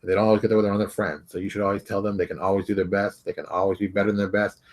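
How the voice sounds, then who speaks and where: A husky-voiced man hosts his own video podcast, talking straight to the camera. He rambles quickly in a casual monologue, urging his viewers on and dropping into loud quoted voices for the people in his stories. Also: on the low side. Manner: animated, exhorting, jumps into loud quoted voices. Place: home studio in front of a camera.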